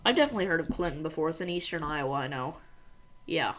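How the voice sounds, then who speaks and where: Speaking fast and expressively in a low voice with a faint hiss or hum, this American weather livestreamer tracks a storm live. She reads her viewers' messages out loud, jokes with them, and is quick to make fun of herself.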